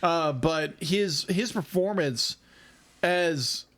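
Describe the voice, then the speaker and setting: A young man co-hosting a casual movie review podcast, excitable and quick with interjections. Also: on the high side. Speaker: podcast co-host.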